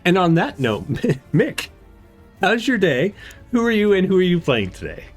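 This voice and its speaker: A man's voice: high voice, very animated, unhurried, soft background music. A man hosting and running a tabletop game, easygoing and prompting the players. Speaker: game master, host.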